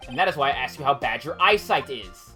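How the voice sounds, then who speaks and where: A woman's voice: rumbling low, animated, fast, bright, forceful tone, faint music behind, exaggerated voice. A woman doing a determined young male lawyer. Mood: pressing. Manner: determined, pressing. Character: earnest young male defense attorney.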